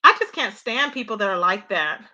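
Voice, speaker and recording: A woman's voice: medium pitch, lively intonation, normal speed, sharp tone, highs cut off. A woman hosting a casual commentary stream, chatty and opinionated, talking straight to her viewers. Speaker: commentary livestream host. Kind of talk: casual drama commentary talk.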